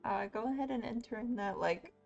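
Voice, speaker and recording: A woman's voice: fairly high pitch, fairly quick, gravelly, muffled recording, over loud music. A woman running a tabletop roleplaying game as game master, casual and encouraging with her players.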